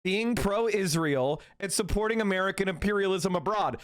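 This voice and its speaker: A man's voice: high-pitched, lively intonation, moderate pace, few pauses, a bit bright. A man hosting a casual livestream, reacting to clips with profane, heated, mocking rants. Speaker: streamer host.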